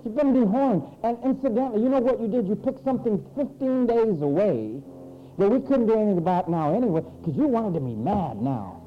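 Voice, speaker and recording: A man preaching a sermon in a church, animated and mocking as he mimics frantic people. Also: sits high, fairly quick, lo-fi sound, a little hiss or hum.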